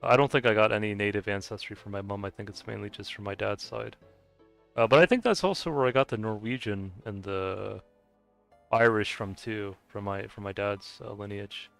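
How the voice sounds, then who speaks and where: An American man with a Scottish-sounding accent streams a game, chatting casually and rambling hesitantly while laughing often. His voice is lowish, gravelly and resonant at a normal speed, recorded clearly with faint music behind.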